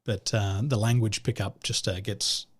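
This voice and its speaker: A man in his forties with an Australian accent, a guest on an interview, speaking in a relaxed, joking way over a remote call. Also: on the low side, moderate pace, slightly rough. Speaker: business consultant guest. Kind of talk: casual interview conversation.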